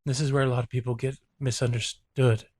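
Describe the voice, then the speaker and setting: A man's voice: medium pitch, level tone, a little fast, darkish tone, slightly rough, no room sound. A man who is a therapist and host, giving earnest, reflective reaction commentary and openly saying when he is moved.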